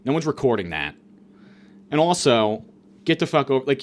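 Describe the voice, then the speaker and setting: A man's voice: medium pitch, big pitch swings, normal speed, long pauses. Rambling, profane man in a comedic monologue. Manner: rambling, profane, full of fillers and restarts. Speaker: comedian host.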